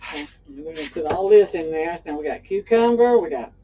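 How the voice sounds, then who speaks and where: A woman's voice: lowish voice, animated, a little fast, mellow, recorded from a distance, slight background noise, rough recording. A middle-aged woman from Texas with a Southern accent, chatting folksily to viewers as she demonstrates a recipe. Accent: Texan Southern. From Pasadena, Texas. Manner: folksy and talkative, addresses viewers as y'all. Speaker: cooking show host. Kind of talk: casual cooking demonstration with chatty stories.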